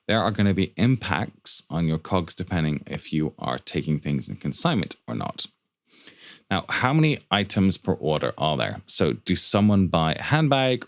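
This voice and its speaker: A man teaching a fast spreadsheet walkthrough for startup finances, talking quickly with joking asides and rhetorical questions. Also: low-pitched, no echo.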